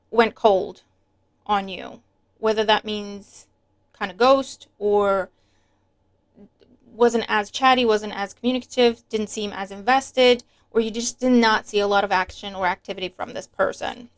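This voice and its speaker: A woman's voice: mid-range voice, a little slow, clear, resonant tone. A woman giving a casual tarot reading to her viewers, chatty and emphatic, sometimes breaking into a rant. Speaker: tarot reader.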